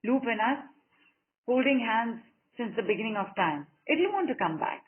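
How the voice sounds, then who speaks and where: A woman coaching a group over an online call, encouraging and affectionate, repeating short phrases in a steady rhythm. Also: fairly high pitch, moderate pace. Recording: narrow phone-like call audio.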